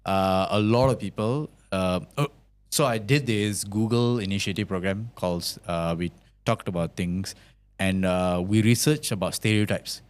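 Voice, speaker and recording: A man with a Malaysian English accent, a filmmaker guest chatting casually in an interview, laid-back and quick to laugh. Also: on the low side, clean tone. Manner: laid-back, laughs often, lots of fillers.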